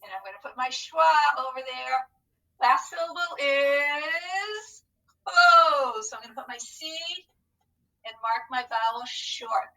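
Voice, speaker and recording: A woman's voice: sits high, normal speed, bright, forceful tone, far from the mic, low-quality recording. A woman teacher leading a recorded phonics lesson, upbeat and coaxing as she talks to unseen students.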